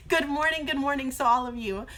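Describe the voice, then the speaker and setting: A woman teacher chatting casually on a live phone stream from a car shop, her voice slightly hoarse from long talking. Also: high-pitched, moderate pace, pushed and bright. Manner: chatty and bubbly, many fillers. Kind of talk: casual livestream chat. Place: brother-in-law's car shop, indoors.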